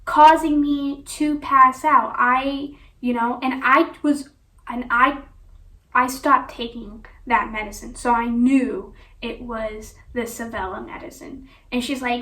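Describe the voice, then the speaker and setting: A woman's voice: high voice, steady tone, unhurried, fairly bright tone. A woman telling a personal story on her vlog in a rambling way, full of "you know" and "like". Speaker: vlogger. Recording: echoey room, voice from a distance.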